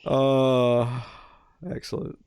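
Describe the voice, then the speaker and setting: A man's voice: mid-range voice, monotone, very slow, a little mellow, clear, resonant tone, no room sound, clean studio sound. A man hosting a horror movie podcast, chatting casually with a lot of fillers and jokes. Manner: rambling, filler-heavy, jokey. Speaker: podcast host.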